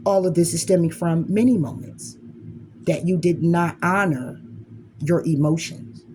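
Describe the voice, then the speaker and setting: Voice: medium pitch, normal speed, a little mellow, slight background noise. A speaker giving a blunt, emphatic motivational monologue as a spiritual reader, swearing freely and acting out inner arguments in quoted voices.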